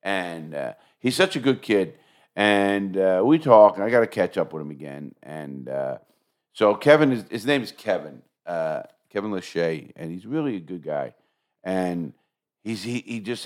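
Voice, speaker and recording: An older man hosting a podcast, telling stories in casual chat with a swear here and there. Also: low-pitched. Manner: storytelling, animated, swears casually. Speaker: podcast host.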